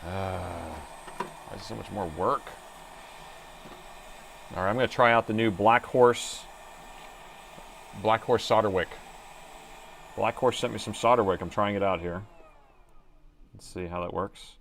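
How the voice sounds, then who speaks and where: Low gravelly man chatting at his workbench. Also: unhurried, long pauses, a bit bright, a little hiss or hum. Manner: chatty, thinks aloud, mutters to himself while working. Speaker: laptop repair technician streaming live. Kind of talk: casual live-stream commentary while working. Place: repair workbench indoors.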